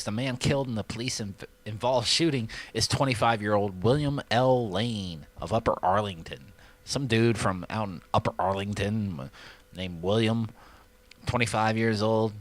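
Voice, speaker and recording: Young guy cussing his way through the local news, bright edgy voice, does loud voices. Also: fairly low pitch. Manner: profane, joking, acts out voices loudly. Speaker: vlogger reading local news. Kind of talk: casual news commentary.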